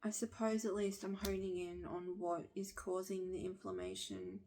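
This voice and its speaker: A woman in her thirties with a husky voice, bluntly venting her frustration to the camera and swearing along the way. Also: on the low side, animated, normal speed, warm tone, slight background noise. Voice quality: husky smoker-like voice. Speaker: vlogger.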